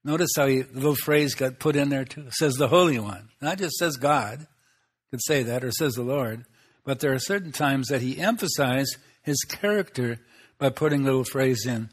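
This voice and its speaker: A man's voice: mid-range voice, normal speed. Chuckling folksy male preacher. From Swedish Lutheran background. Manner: folksy, chuckling asides, rhetorical questions. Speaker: pastor. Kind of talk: sermon.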